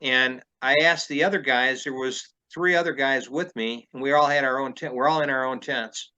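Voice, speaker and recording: A man's voice: mid-range voice, steady tone, normal speed, bright, forceful tone, smooth, highs cut off. A man, a field researcher, telling a story in casual conversation, rambling with many fillers and restarts.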